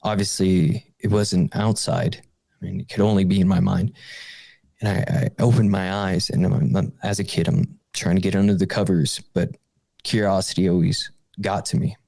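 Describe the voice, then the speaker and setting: Low gravelly man telling a haunting story. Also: flat delivery, dry recording. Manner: halting, restarts, fillers and soft laughs. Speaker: podcast guest. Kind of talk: recounting a personal paranormal story.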